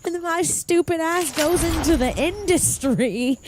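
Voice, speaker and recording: A woman's voice: very high-pitched, measured pace, noisy background. A woman in her thirties, co-hosting a casual chat, emotional and self-mocking, laughing through tears. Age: 30s. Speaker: podcast co-host.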